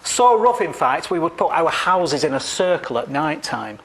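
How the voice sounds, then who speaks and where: A man's voice: fairly high pitch, sing-song, moderate pace, a bit bright. A man from northern England doing a stand-up comedy set, firing off bawdy one-liners and laughing along with the jokes. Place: comedy club stage. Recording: echoey club from far off with audience.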